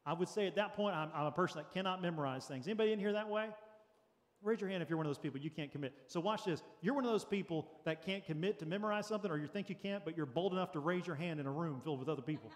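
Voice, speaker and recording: A man's voice: on the high side, very fast, long reverb tail. A man preaching a sermon as pastor, earnest and practical, with light jokes for the congregation. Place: church sanctuary.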